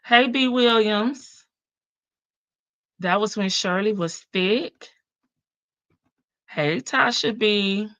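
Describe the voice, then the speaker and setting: A woman's voice: mid-range voice, drawn-out words, pauses often, fairly bright tone, no room sound. A woman hosting a casual livestream, chatting and greeting viewers one by one in a big country voice. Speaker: livestream host.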